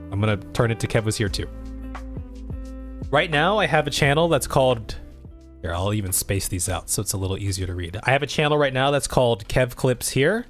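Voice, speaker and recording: Rambling man chatting to his viewers. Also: fairly low pitch. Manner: rambling, thinking aloud, asks viewers. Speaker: streamer and channel host. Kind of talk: casual channel update.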